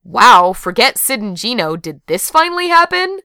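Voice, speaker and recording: A woman's voice: on the high side, very animated, normal speed, bright, forceful tone, clean tone, no echo, studio quality, pitched above the performer's own voice, heavily acted. A woman voicing a nosy young man who speaks in a whiny, suspicious way.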